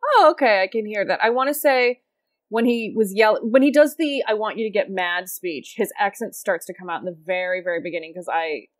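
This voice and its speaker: A woman's voice: mid-range voice, a little fast, no echo. A young woman guesting on a movie podcast, enthusiastic and laughing often. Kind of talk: casual chat.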